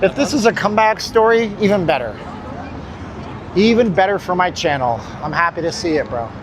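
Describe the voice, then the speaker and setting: On a loud city street, a tired, slightly out-of-breath man hosts a casual livestream while walking, rambling and joking with his viewers at a fairly quick clip. His voice is a bit high with lively intonation, captured by a handheld phone amid heavy street noise.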